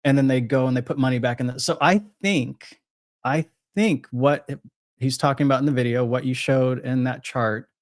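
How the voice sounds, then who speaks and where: A man's voice: medium pitch, moderate pace, dry recording, studio quality. A man talking casually about crypto trading, rambling with frequent restarts and self-corrections. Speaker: crypto trader guest. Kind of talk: casual podcast chat.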